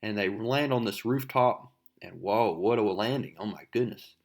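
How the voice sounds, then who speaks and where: A man's voice: lowish voice, normal speed. A man chatting casually as he recaps a comic book and reads its dialogue aloud.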